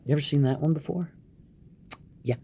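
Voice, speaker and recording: A man giving Christian advice in a casual, preachy monologue, animated and acting out voices. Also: fairly high pitch, brisk, vocal fry, breathy edge.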